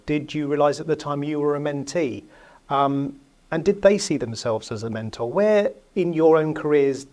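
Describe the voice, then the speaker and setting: A man with a mid-range voice moderates an interview. He asks probing questions in a measured, careful way. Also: medium pitch, darkish tone. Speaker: interviewer, host.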